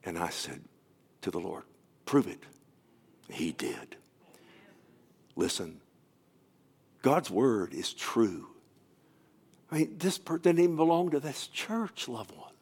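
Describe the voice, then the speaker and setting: A man who is a pastor, preaching a sermon and telling a story, often falling to a soft, near-whispered voice with stammering restarts. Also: mid-range voice, expressive, unhurried, pauses often, breathy edge.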